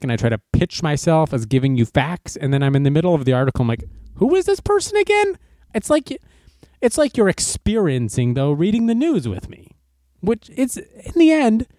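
A man's voice: medium pitch, dark tone, no room sound, clean studio sound. A man hosting his own news commentary show, reading articles aloud and sarcastically mocking them in put-on voices.

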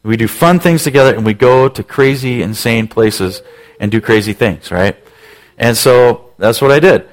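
A man's voice: mid-range voice, moderate pace. A man in his forties, a pastor telling a self-mocking story in a sermon, acting out voices with lots of energy.

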